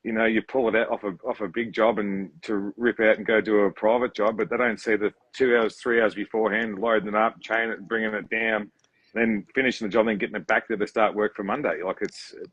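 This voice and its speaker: A quick-talking Australian tradesman on a casual podcast, blunt and swearing. His voice is low and husky, and the recording sounds dry and slightly muffled. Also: flat delivery, a bit bright, no echo. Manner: fast, blunt, swears, acts out clients. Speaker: podcast guest, earthmoving contractor.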